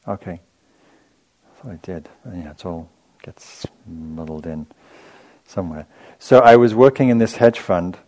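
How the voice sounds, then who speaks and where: A man with a low, deep voice gives a dharma talk on meditation, wandering through a personal story full of loose asides and easy chuckles. Rather than preachy, he comes across as conversational, like a teacher thinking out loud, chatty and self-amused as he laughs at his own anecdotes.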